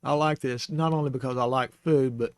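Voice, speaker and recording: A man's voice: medium pitch, steady tone, fairly quick, dry recording, clean studio sound. A man giving an informal lesson on the Hebrew alphabet, talking patiently, spelling out sounds and correcting himself as he goes. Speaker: Bible Hebrew teacher. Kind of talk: informal teaching. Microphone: close microphone.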